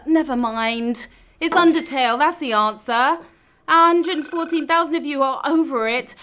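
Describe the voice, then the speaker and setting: A woman's voice: high voice, fairly bright tone. A woman hosting a live trivia game show, reading questions and tossing out playful, teasing quips between answers. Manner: playful, quippy, teasing asides. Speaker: quiz show host.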